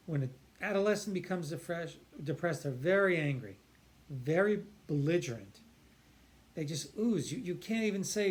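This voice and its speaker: A man's voice: on the high side, animated, moderate pace. A man, a psychiatrist, explaining earnestly and emphatically, stretching key words and often restarting his sentences. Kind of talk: explanatory talk to camera.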